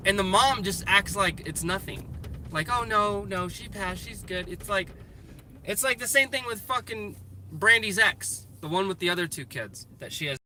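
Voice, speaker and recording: A man's voice: high voice, expressive, moderate pace. A man venting in a casual vlog, swearing freely and restarting his sentences as he rants in frustration while in a car. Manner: profane, frustrated ranting with many restarts. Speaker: vlogger. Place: in a car in traffic. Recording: loud road and traffic noise.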